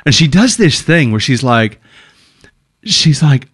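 A man's voice: mid-range voice, very animated, slow, pauses often, slightly rough. A middle-aged man co-hosting a radio show, sick with a cold and run down, rambling and laughing at himself in casual chat. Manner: rambling, self-mocking, laughs often. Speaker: radio co-host.

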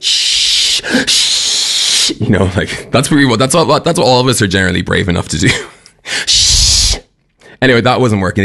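A young Irish man hosting a breakfast radio show, telling a rant with an animated, chatty manner and frequent laughs. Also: lowish voice, creaky. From Ireland. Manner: animated, ranting, laughs often.

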